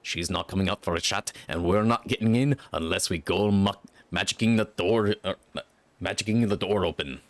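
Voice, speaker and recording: A man's voice: sits low, a little fast, no room sound, pitched below the performer's own voice. Drippy, a man doing a chatty fairy sidekick. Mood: chummy. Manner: chummy, slangy, rambling. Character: cheeky chatty little male fairy sidekick.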